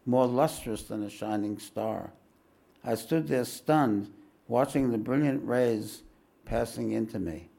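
Man, spiritual teacher, gravelly voice, middle pitch, measured reading of a memoir, calm teaching asides. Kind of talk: reading a spiritual autobiography aloud with commentary.

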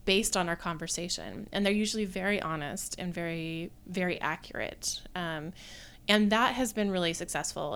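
Woman academic guest, low-ish smooth voice, reflective, unhurried delivery. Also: a bit bright. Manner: thoughtful, measured, frequent um fillers. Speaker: guest, theatre design professor. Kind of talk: conversational podcast interview.

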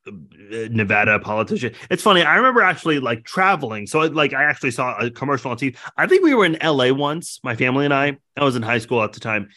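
A man's voice: mid-range voice, big pitch swings, quick pace, bright, forceful tone. A man co-hosting a casual podcast, telling stories in an easygoing way and reading out viewer comments.

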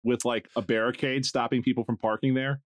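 A man with a mid-range voice trades deadpan, sarcastic remarks in a casual podcast chat. His voice is close and dry, with no room around it. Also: medium pitch, fairly quick, no room sound. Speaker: podcast co-host.

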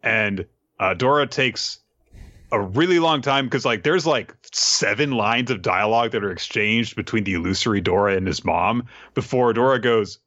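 A man's voice: on the low side, normal speed, dry recording, highs cut off. A man co-hosting a podcast, casually recapping a manga chapter with lots of fillers and asides. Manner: animated, rambling, lots of fillers. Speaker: podcast co-host.

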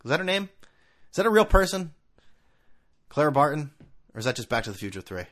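A man hosts a podcast by himself in a loose, rambling style. He mocks himself as he goes, and his voice swings widely in pitch. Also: very animated, quick pace, a bit bright. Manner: rambling, self-mocking, bursts into laughing high-pitched asides. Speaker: podcast host. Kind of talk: casual solo podcast chat.

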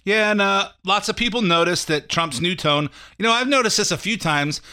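Bright, clear-voiced man hosting talk radio. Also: high-pitched, moderate pace. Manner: rambling, off-the-cuff, many fillers and restarts. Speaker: radio call-in show host. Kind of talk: casual political commentary.

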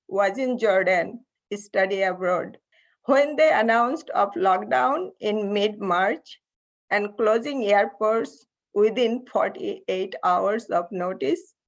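Middle-aged female khateebah, unhurried earnest sermon, moved but steady. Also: mid-range voice. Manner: slow, earnest, emotional delivery. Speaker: khateebah delivering a Friday sermon. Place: at home, online service.

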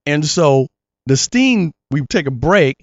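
A man's voice: on the high side, slow, no echo, highs cut off. A middle-aged man, a guest and former child actor, telling stories in a casual interview and acting out the voices in his quotes. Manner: animated storyteller, acts out voices in quotes.

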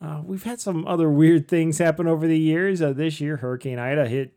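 A man's voice: a little high, fairly even intonation, a little fast, warm tone. A man co-hosting a casual podcast, talking in rambling, jokey asides. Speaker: podcast co-host. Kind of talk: casual chat.

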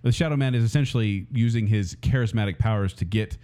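A man's voice: lowish voice, dark tone. A man co-hosting a casual chat, playful and joking, breaking into sung snippets. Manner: playful, quick to joke and sing snippets. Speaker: podcast co-host.

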